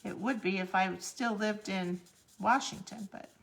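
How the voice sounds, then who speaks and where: A woman hosts a live crafting tutorial, chatting her way through each step as she works. Her creaky voice is medium in pitch and measured in pace.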